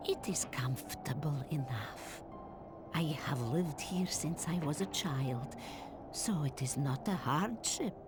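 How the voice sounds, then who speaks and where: A slow, soft-spoken old woman hermit, gentle and wise, in a fairly low voice. Her unhurried lines sit over game music. She sounds kindly and patient. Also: lively intonation. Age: older. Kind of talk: game voice acting.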